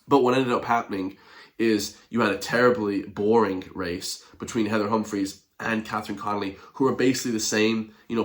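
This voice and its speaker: A man ranting scornfully in an animated political commentary video, with mocking gasps. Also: lowish voice. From Ireland.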